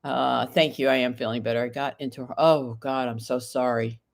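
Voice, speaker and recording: This woman's voice is very deep and creaky, with fairly even intonation and a normal speed. A tarot reader on a live stream, she reads viewers' questions aloud and answers them card by card while recovering from an illness.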